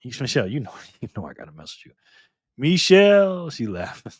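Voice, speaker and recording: A man's voice: medium pitch, fairly quick, breathy edge, no room sound. Middle-aged guy chatting on his stream, laughs a lot, teases people, dry close mic sound. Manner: lively, teasing, laughs often, reacts to chat. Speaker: live stream host. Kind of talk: casual live stream chat.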